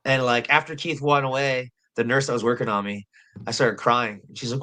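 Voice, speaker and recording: A man's voice: mid-range voice, fairly quick, pushed and bright. A man, a professional fighter and podcast guest, telling a story in a rambling, profane, repetitive way. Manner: rambling, profane, repeats himself. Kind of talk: casual storytelling chat.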